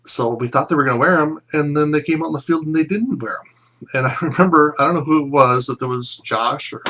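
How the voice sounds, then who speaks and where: A man in his thirties recording a casual video message for old classmates, reminiscing in a rambling, fond way with many pauses. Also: a little high, pushed and bright. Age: 30s. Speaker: former classmate sending a reunion message.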